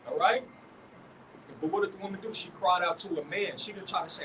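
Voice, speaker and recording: Emphatic male preacher, high voice, distant mic, loud street noise. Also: fairly quick. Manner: emphatic, checks in with "all right?". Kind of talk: preaching in a scripture study.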